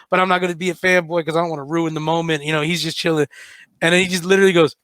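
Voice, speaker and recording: A man co-hosting a radio comedy show, telling an animated story in casual banter. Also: sits high, racing, no room sound.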